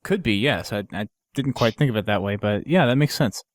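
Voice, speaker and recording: A man's voice: on the low side, animated, brisk, no echo. A man hosting a podcast, casually recapping a game mission in a rambling way with lots of fillers and restarts. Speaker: podcast host.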